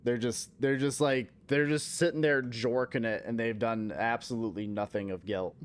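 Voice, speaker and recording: Streaming a game, this young American man keeps up casual, rambling, profane chatter that slips into mock-outraged rants. He speaks at normal speed in a mid-range voice with fairly even intonation, over slight background noise.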